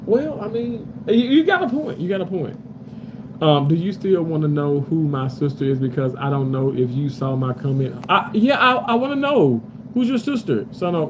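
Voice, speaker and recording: A man's voice: fairly high pitch, noisy background. A man on a live stream from a hotel room, talking loosely with his viewers and reading their comments aloud, full of fillers. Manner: loose, rambling, many fillers.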